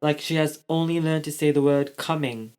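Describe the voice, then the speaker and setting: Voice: mid-range voice, fairly even intonation, moderate pace, darkish tone, clean tone, natural voice. A storyteller voicing an eager young boy who speaks up in a raised voice.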